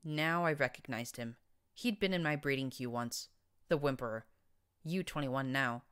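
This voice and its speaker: A woman narrates first-person fan fiction as an audiobook. Her voice sits low, and her reading is expressive and dramatic. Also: normal speed, smooth.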